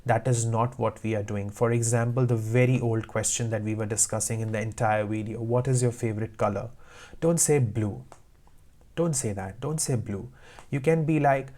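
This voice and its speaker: A man's voice: medium pitch, fairly even intonation, moderate pace, warm tone. A man teaching IELTS speaking tips, giving direct, emphatic advice in short repeated commands. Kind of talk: instructional talk to camera.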